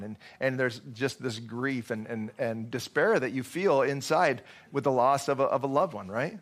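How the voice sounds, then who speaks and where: A male pastor preaching in a relaxed, conversational manner, his voice at an ordinary middle pitch. He drifts through fillers and restarts as he talks to the room. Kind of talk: sermon.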